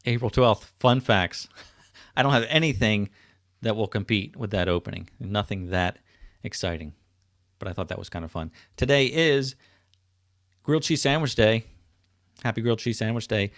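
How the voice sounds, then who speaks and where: Gravelly, chatty man hosting a livestream. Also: fairly low pitch, lively intonation, normal speed, long pauses, fairly bright tone, no room sound, clean studio sound. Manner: chatty, reads out viewer comments. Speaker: livestream host. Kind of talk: casual livestream chat. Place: home, indoors. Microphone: webcam setup.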